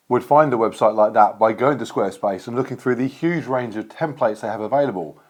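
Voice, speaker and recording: A man's voice: mid-range voice, darkish tone. A man talking on the move during an outdoor run, breathless and chatty. His voice sits in a middle range, and it is caught on a camera he carries. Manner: breathless running commentary. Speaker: running vlogger. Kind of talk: talking to camera while running.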